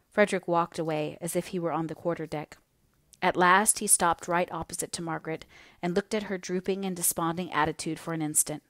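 A woman narrating a classic novel as an audiobook reader, in a measured, steady way. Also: fairly low pitch, dry recording, studio quality.

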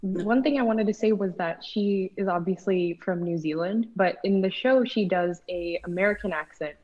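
A woman's voice: mid-range voice, moderate pace. Woman guest chatting on a panel, says like a lot, kinda dull muffled audio. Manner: rambling, heavy use of "like". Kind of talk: casual panel discussion.

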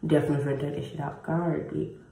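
A woman's voice: low voice, little pitch movement, fast talker, vocal fry, mellow. A young woman chatting in a casual vlog, slangy and blunt with plenty of swearing, her jaw numb after a tooth was pulled. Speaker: vlogger. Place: at home, indoors. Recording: echoey room with faint noise.

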